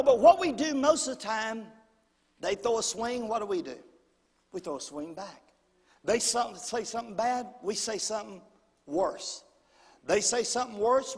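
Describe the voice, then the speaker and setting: Man, middle-aged, pastor, folksy animated sermon, very high voice, long church reverb. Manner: folksy, animated preaching with audience call-outs. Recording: long hall reverb, husky voice.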